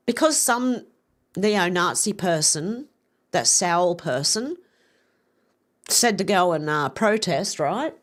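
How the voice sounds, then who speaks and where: Woman, livestream host; casual news commentary, blunt and profane. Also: mid-range voice. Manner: reads posts aloud with blunt, profane asides.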